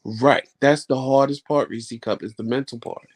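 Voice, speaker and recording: A man's voice: medium pitch, moderate pace. A man hosting a vlog, chatting casually and telling stories in a loose, colloquial way, talking straight to his viewers. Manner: animated storyteller, acts out quoted talk. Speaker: vlog host. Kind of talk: casual chat.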